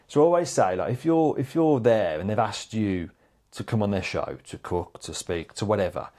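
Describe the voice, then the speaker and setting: Low-voiced man telling a lively story. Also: normal speed. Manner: animated, swears freely, says "mate" a lot. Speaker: chef guest. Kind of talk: casual storytelling chat.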